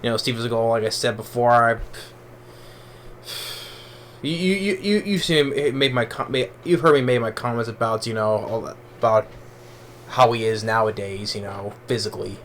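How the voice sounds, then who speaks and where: Male movie reviewer, mid-pitched, loose rambling delivery full of restarts, faint background noise. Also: moderate pace, fairly bright tone. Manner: rambling, with many restarts and fillers. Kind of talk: casual spoken movie review.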